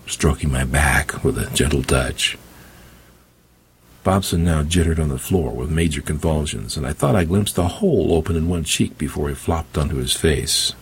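A male audiobook narrator with a low, very husky and breathy voice. He tells the story in the first person with a dry, wry touch.

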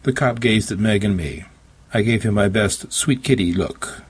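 A man's voice: on the low side, normal speed, slightly rough. A man reading a story aloud in a dry, wry first-person narration. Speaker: audiobook narrator. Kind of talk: scripted narration.

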